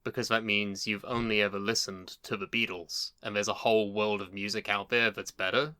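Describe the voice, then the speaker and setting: A man co-hosting a casual podcast chat, with a dry, deadpan sense of humor. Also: on the low side, a little fast, smooth, dry recording. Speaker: podcast co-host.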